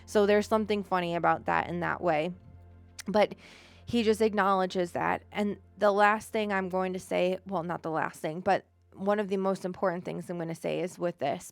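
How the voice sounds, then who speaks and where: A young woman giving a psychic reading on a live stream, gentle and emotional, choked up and rambling with many fillers. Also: mid-range voice, no echo. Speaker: psychic medium.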